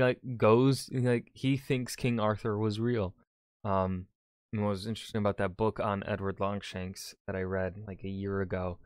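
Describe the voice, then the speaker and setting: A man's voice: sits low, smooth, no room sound, clean studio sound. A man, a historian, reacting casually to a video with loose, filler-heavy talk.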